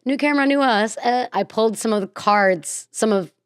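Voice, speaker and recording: A woman's voice: a little high, moderate pace, smooth, dry recording, clean studio sound. A woman hosting her show in a bubbly, rambling, casual chat, gushing and laughing often. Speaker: podcast host.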